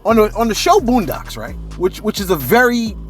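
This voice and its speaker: A man doing casual, comedic celebrity gossip commentary, rambling and animated, with faint music behind. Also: high-pitched, normal speed. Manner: animated, rambling, keeps saying "you know what I'm saying".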